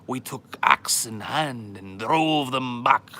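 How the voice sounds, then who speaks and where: A man voicing a boastful, hearty Irish-Scottish man in a jokey mock brogue with rolled R's, drawn out and loud. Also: mid-range voice, expressive, slow, slight background noise, pitched above the performer's own voice.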